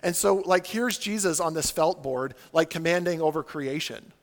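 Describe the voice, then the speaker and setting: A man preaching a sermon in a casual, animated way, peppering his talk with "like" and acting out the voices of the people he quotes. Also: a little high, normal speed, big-room sound. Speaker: pastor.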